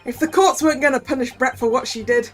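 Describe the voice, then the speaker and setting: A woman's voice: high voice, fast talker, faint music behind, voice pushed up, natural voice. Woman doing a swaggering Cockney newsman. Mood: boastful. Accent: Cockney, put on. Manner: swaggering, self-righteous. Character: boastful male Cockney journalist with self-righteous zeal.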